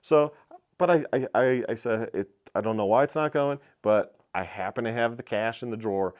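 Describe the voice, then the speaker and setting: A middle-aged man who owns a small motorcycle shop tells a story in a blunt, profane, animated way, as a casual vlog. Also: mid-range voice, normal speed.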